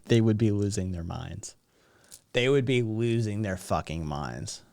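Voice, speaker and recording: A man's voice: on the low side, animated, measured pace, gravelly, a little mellow, no room sound. A British-born man co-hosting a podcast, rambling and sarcastic in casual chat, swearing heavily. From Britain. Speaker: podcast co-host.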